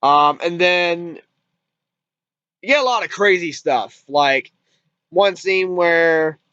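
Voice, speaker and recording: A man's voice: high voice, slow, pushed and bright, clean tone, no room sound. A man casually retelling a movie's plot as a reviewer, rambling with restarts and swearing freely. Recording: dull lo-fi dry recording.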